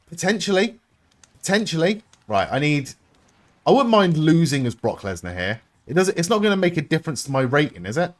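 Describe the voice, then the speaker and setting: A young man giving live-streamed gameplay commentary, excitable and sarcastic, swearing often. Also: on the high side.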